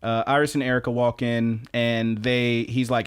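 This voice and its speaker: A man's voice: medium pitch, fairly even intonation, moderate pace, hardly any pauses, smooth. Man, podcast co-host, rambling, profane, casual recap chat, lots of um and uh.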